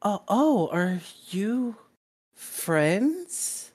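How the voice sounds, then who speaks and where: A man voicing a small, eerie, cheerful child with missing fingers, in a high, soft voice. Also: big pitch swings, drawn-out words, exaggerated voice. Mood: eerie sweet.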